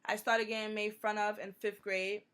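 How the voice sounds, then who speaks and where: A young woman, telling stories in a casual, animated Q&A vlog. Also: medium pitch, normal speed, smooth. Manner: chatty, animated storytelling with many "like"s. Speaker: vlogger.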